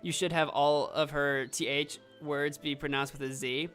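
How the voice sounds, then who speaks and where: A woman's voice: sits low, flat delivery, moderate pace, a bit bright, faint music behind. Chatty woman streaming a game. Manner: chatty, self-deprecating, thinking aloud. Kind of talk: casual let's-play commentary.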